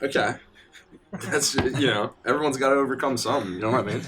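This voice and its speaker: A man's voice: medium pitch, fast talker, a crowd in the background. A man playing in a tabletop game, joking and making fun of himself. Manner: joking, self-mocking. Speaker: player. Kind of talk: casual tabletop game banter.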